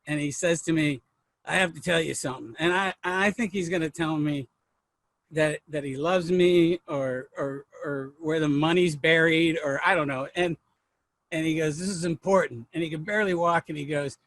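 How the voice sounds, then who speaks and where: A man's voice: on the high side, steady tone, moderate pace, fairly bright tone. A man, a comedian and filmmaker, telling rambling, self-mocking stories in an interview. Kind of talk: anecdotal interview storytelling.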